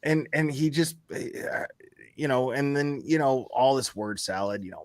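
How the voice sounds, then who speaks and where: A man's voice: mid-range voice, a little slow, no room sound. A man hosting a casual chat, venting heatedly and swearing often, repeating himself as he talks. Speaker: YouTube channel host.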